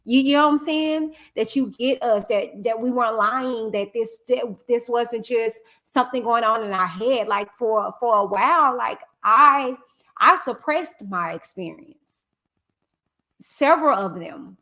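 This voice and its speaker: A woman's voice: fairly high pitch, a little slow, bright, forceful tone. A woman in her thirties, a talk show host, speaking reflectively and emotionally in a conversational way.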